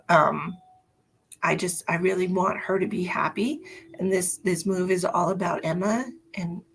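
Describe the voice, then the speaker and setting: A woman's voice: fairly low pitch, creaky, slight background noise. A middle-aged woman hosting a casual live stream as a psychic medium, rambling chattily to her viewers with lots of fillers.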